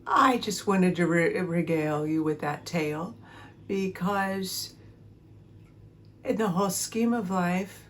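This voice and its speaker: A woman hosting her own podcast, telling a personal story in a chatty, animated way and talking to herself as she tells it. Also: on the low side, slow pace, slight background noise. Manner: chatty, animated retelling with self-talk and laughter. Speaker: podcast host; homeowner and cat owner. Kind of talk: casual storytelling monologue.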